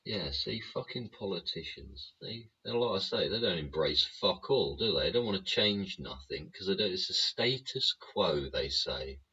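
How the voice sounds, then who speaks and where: Host, very low, husky and punchy, swears nonstop in a rant, dull lo-fi sound. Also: male voice, expressive, normal speed, few pauses, pushed and bright. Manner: swears constantly, rhetorical tag questions. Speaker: show host. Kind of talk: profane political rant monologue.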